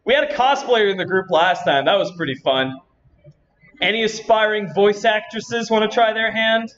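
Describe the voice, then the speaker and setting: A man's voice: high voice, animated, moderate pace, fairly bright tone, muffled recording, faint music behind. A man hosting a convention panel, chatting to the audience and thinking aloud as he works. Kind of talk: live demo to an audience.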